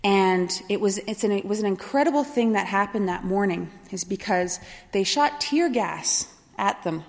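A woman's voice: mid-range voice, normal speed, vocal fry. Woman telling a story in a reverberant hall. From Kahnawake Mohawk community, Quebec, Canada. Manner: animated, laughing at her own story, voices others in dialogue. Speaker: storyteller recalling her youth. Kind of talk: personal storytelling talk.

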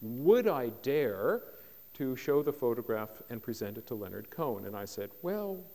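A man's voice: medium pitch, normal speed, a little mellow. A man giving a public lecture as a biographer, telling anecdotes with dry, self-deprecating humour to a live audience. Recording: long hall reverb.

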